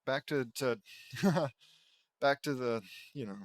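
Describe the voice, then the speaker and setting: A man's voice: medium pitch, slow, dry recording. A man reading fan fiction aloud for comedy, breaking off into sarcastic, mocking asides. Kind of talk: comedic dramatic reading with commentary.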